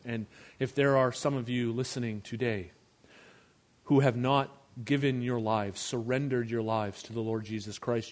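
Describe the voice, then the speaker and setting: A man pastor preaching a sermon, moving between hushed, tender passages and raised, emphatic ones. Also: mid-range voice.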